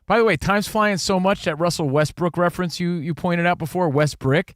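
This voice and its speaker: A man's voice: fairly quick, no room sound, studio quality. A middle-aged man co-hosting a sports radio show, bantering and reading show plugs. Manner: promo-style plugs, expressive pitch swings. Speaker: co-host.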